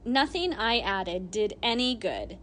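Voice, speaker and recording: A woman narrating an audiobook in the first person, telling the story in an animated, expressive way. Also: medium pitch, takes it slowly, slight background noise.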